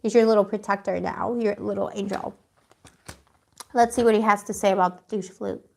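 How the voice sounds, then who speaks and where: A woman's voice: medium pitch, fairly even intonation, moderate pace, vocal fry. A woman giving a live tarot reading to her viewers, chatty, emotional and slangy as she talks through the cards. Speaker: tarot reader.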